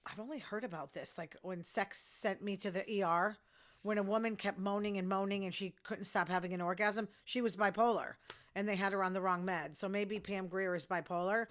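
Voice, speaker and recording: An older woman hosting her own show, chatting bluntly about the news and her personal life and quickly getting outraged. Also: mid-range voice, steady tone. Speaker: show host. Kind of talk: casual news commentary.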